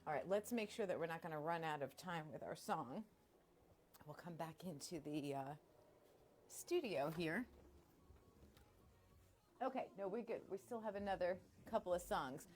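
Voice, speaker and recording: A woman's voice: lowish voice, expressive, normal speed, pauses often, darkish tone, a little hiss or hum. A middle-aged woman radio host chatting casually on a live stream from her studio, bubbly and self-deprecating.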